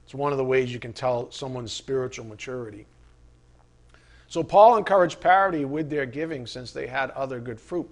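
A man preaching a sermon, conversational and animated, asking the listeners rhetorical questions. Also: mid-range voice, normal speed. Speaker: pastor.

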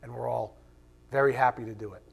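A man's voice: medium pitch, steady tone, a little fast, creaky, husky. A man teaching a Bible class in a conversational way, asking rhetorical questions and acting out quoted voices. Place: classroom with a board.

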